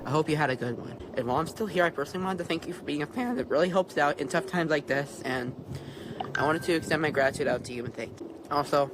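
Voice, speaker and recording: A man's voice: fairly high pitch, quick pace. Subdued, apologetic man on a noisy clip. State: subdued after crying. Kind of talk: personal video message.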